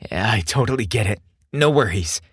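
A man's voice: on the low side, moderate pace, a bit bright, no echo, clean studio sound. A man doing a nervous young man. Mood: reassuring. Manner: anxious, self-urging.

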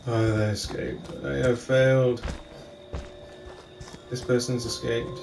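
A man's voice: medium pitch, flat delivery, slow, gravelly, music in the background. A man playing a video game and commenting live, grumbling and swearing in frustration as things go wrong. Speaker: gamer playing the killer. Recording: echoey room with loud game sirens.

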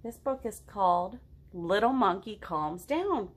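A middle-aged woman reads a picture book aloud to children in an expressive, medium-pitched voice at a measured pace. Leading the storytime gently and encouragingly, she asks the children questions.

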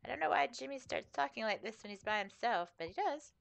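A woman's voice: on the high side, lively intonation, quick pace, gravelly. A woman streamer chatting playfully through a game playthrough, joking and reacting as she goes. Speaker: gaming streamer. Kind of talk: let's play commentary.

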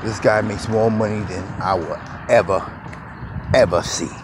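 Man, lowish voice, loose walking monologue, phone mic outdoors, steady street noise. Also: normal speed. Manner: loose, conversational, greets passersby. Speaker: vlogger. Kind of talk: rambling walk-and-talk monologue. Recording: noisy outdoor phone recording.

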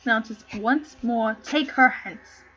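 A woman's voice: a little high, slow, sharp tone, breathy edge, voice pushed down, full character voice. A woman reading the part of a jealous, furious king in an amateur play read-through, with a barking, commanding delivery. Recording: slightly muffled with faint noise.

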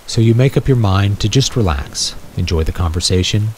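A man's voice: fairly low pitch, animated, a little fast, slight background noise, low-quality recording. A man reading a second-person story aloud in a wry, nostalgic storytelling manner. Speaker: narrator. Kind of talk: scripted second-person narration.

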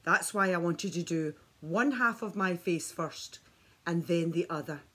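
A woman's voice: lowish voice, a little slow, bright, forceful tone, breathy edge. A woman vlogging a skincare demonstration at home, chatty and enthusiastic as she talks straight to her viewers on the camera mic. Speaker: beauty vlogger.

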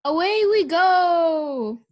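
A woman's voice: high-pitched, expressive, moderate pace, a bit bright. A woman doing a folksy little cowboy burglar. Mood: whooping. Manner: drawling cowboy talk.

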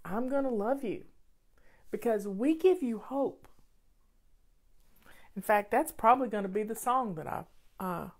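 A woman's voice: a little high, expressive, a little slow, pauses often. A woman hosting a casual question-and-answer show, giving affectionate, encouraging advice to her viewers.

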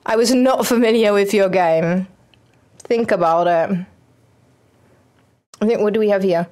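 A young woman, streaming a football manager game and chatting excitedly at it. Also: medium pitch, unhurried. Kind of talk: casual game commentary.

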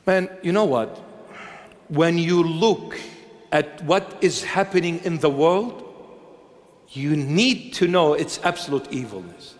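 A bishop delivers a fiery sermon with a notably high-pitched voice. He hammers points home with mocking rhetorical questions. His voice rings out with a long reverb from a large church hall. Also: lively intonation, takes it slowly. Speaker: bishop preaching.

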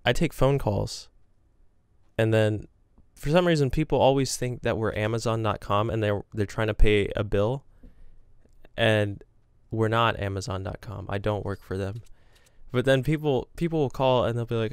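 A man's voice: fairly low pitch, moderate pace, smooth, no room sound, clean studio sound. A young man chatting casually to his camera, telling rambling, self-deprecating stories about work and games. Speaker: gaming vlogger. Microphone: camera with green screen.

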